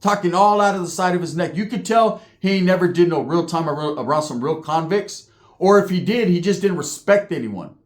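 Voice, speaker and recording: A man telling a story in a loose, streetwise way, swearing freely and dropping "right?" after his points. His voice sits somewhat high for a man. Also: expressive, brisk. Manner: streetwise, profane, frequent "right?" asides. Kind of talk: casual spoken storytelling.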